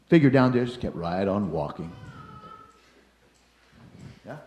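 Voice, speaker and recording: Older guy telling a story, acts out all the shouting, lots of up and down, kinda echoey. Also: mid-range voice, moderate pace, long pauses. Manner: animated, acts out the voices and shouts in his story. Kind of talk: personal anecdote storytelling. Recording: roomy echo.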